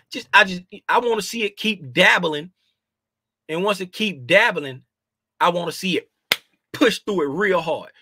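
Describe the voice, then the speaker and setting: A trading educator with a high, pushed, bright voice gives a casual lesson, recorded in studio quality with no room sound. His speech is informal and slangy, emphatic and repetitive, and he keeps asking "right?"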